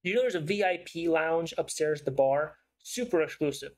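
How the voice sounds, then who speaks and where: Brief: man voicing a smooth, persuasive investigative writer; slightly high, coaxing. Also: lively intonation, moderate pace, a little mellow, natural voice, rough recording. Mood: probing. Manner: smooth-talking and probing.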